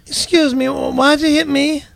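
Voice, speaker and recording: A man's voice: very high voice, little pitch movement, moderate pace, creaky, fairly bright tone, dry recording, exaggerated voice. A man voicing a fussy, easily offended bachelor with a British accent who whines indignantly. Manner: whiny, indignant.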